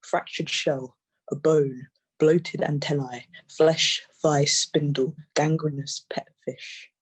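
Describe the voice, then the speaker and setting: A poet reading their own poems aloud in a measured, intense way, often repeating phrases. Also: medium pitch, steady tone, husky. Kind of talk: poetry reading.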